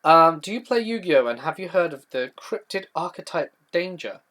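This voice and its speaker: A man's voice: a little high, lively intonation, normal speed, a bit bright. A young man hosting a live stream, chatty as he reads viewer questions from the chat and answers them one by one. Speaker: horror storytelling channel host.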